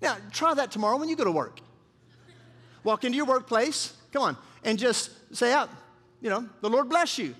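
A pastor delivers a sermon in a reverberant church hall, calling out to the congregation and prompting them to answer back. His voice is very high, bright and forceful with a breathy edge, and he speaks animatedly at a normal speed.

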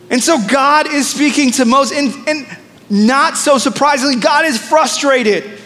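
Male pastor, high voice, storytelling sermon, lively asides, long church reverb, faint room noise. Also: unhurried. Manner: storytelling, animated with asides to the congregation.

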